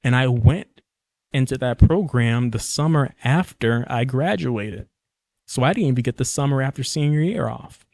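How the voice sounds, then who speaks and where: A man's voice: medium pitch, animated, normal speed, vocal fry, darkish tone, no echo. Young man rambling on a dry-sounding solo podcast. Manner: rambling, jokey, often corrects himself mid-sentence. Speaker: podcast host. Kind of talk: casual solo podcast monologue.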